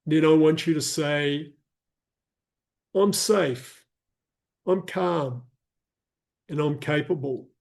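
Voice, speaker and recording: Male wellness coach, slightly high voice, slow and soothing, counting breaths for a live group. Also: creaky. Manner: casual explaining with fillers, reads chat comments. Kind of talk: guided breathwork and live chat.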